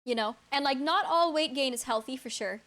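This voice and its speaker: Young woman streamer with a high voice, chatting live with viewers, stammering and incredulous. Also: a bit bright. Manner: incredulous, stammering, quick to laugh.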